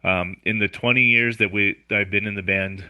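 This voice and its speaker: A man's voice: fairly low pitch, steady tone, fairly quick, clear, resonant tone, dry recording, dull audio. A man on a podcast patiently explaining a schedule, methodical with frequent fillers. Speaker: music director, guest.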